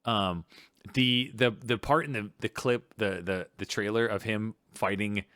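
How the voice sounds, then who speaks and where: Rambling, excitable male podcast host. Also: lowish voice, measured pace, no room sound, studio quality. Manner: rambling, many restarts, excitable. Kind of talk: casual chat.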